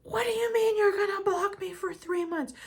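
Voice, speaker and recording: A woman mimicking her shrill raging mother. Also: normal speed, gravelly. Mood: yelling. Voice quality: shrill, hostile yelling. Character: raging controlling mother, older woman, shouting.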